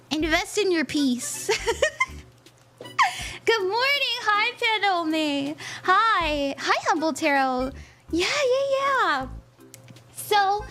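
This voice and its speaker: A bubbly young woman with a high, very lively voice chats with her live-stream viewers, giggling between sentences. Soft music plays faintly in the background of her home setup. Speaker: tarot reader and spell-casting streamer. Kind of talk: casual live-stream chat.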